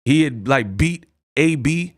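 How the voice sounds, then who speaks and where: A man's voice: on the high side, lively intonation, takes it slowly, no room sound, studio quality. A man hosting a boxing live stream, ranting boastfully and taunting his chat with repeated challenges. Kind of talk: heated live stream rant.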